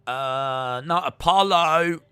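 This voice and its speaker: Bright, crisp-voiced man streamer. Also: on the high side, takes it slowly, no echo. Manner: mocking, chanting taunts. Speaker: watch-along streamer. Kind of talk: live reaction commentary.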